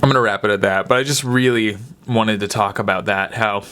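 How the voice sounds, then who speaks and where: A man's voice: on the low side, a little fast, sharp tone, slight background noise. A young man hosting a solo podcast, rambling and candid, his voice nasal from a cold. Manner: rambling, candid, swears casually. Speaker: podcast host. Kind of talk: casual solo monologue.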